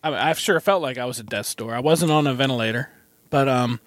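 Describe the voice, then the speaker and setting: In a parked van, a male guest tells a personal story in casual conversation, earnest and folksy, laughing between lines. His voice is medium-pitched and brisk. The recording is dry.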